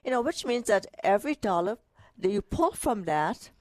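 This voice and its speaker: A woman co-hosting a retirement money show, talking in a lively, direct, playful way. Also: mid-range voice, moderate pace, no echo, studio quality. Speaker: co-host financial advisor. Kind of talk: casual radio-style talk.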